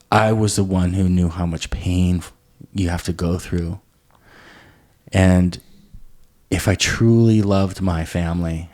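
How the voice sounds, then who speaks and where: A man's voice: low voice, a little mellow. A man hosting a casual interview, speaking frankly and reflectively, with some swearing. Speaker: podcast host.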